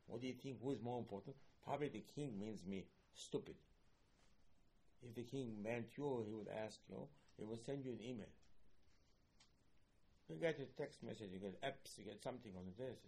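Husky male rabbi, medium pitch, animated rhetorical teaching style. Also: fast talker. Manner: animated, rhetorical, mixing in Hebrew recitation. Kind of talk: Torah class sermon.

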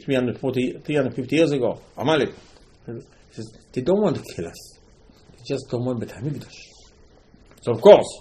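A man's voice: medium pitch, a little mellow, rough recording. Emphatic man giving a religious talk. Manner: repetitive, emphatic storytelling with rising outbursts. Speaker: religious teacher. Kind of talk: informal Torah talk.

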